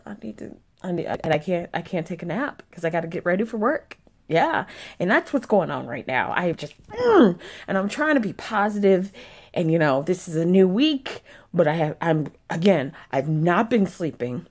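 A woman's voice: on the low side, lively intonation, normal speed, darkish tone. A young woman vlogging casually, venting in an irritated way and swearing often. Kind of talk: casual vlog chat.

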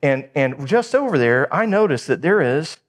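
A middle-aged man preaching a sermon, telling a family story with lively acted-out dialogue. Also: a little high, moderate pace. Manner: animated storytelling, acting out dialogue. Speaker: pastor.

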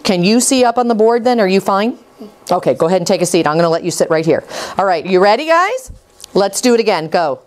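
A woman's voice: medium pitch, expressive. Upbeat woman coaching kids in reading. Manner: encouraging, upbeat praise and quick prompts. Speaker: reading teacher. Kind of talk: classroom phonics coaching.

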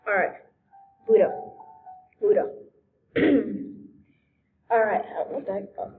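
A young woman giving excitable, giggly commentary while playing a video game. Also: medium pitch, phone-quality sound, faint music behind. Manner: giggly, excitable, quick outbursts. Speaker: gamer. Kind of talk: let's play commentary.

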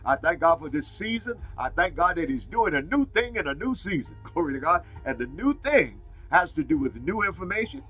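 A man preaches a fiery sermon, stacking up repeated phrases for emphasis. His voice sits a little high, bright and edged, with a husky grain. Soft music plays faintly behind him. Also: rough recording. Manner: exclaims "Glory to God" and "Hallelujah" often.

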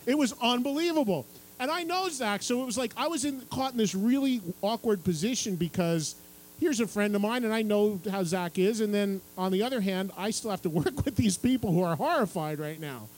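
Talking a little fast in a high voice, a radio and TV music host shares a lively anecdote with a live audience at a book signing on a radio station stage during a public event. He acts out others' lines and laughs through the tale, captured on a low-quality recording.

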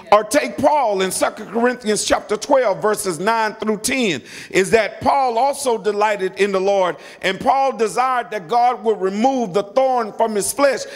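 A middle-aged man with a high voice preaches a sermon in a church, his words trailing off into a long hall reverb. He drives points home by repeating phrases and urging the congregation to answer back. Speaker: pastor.

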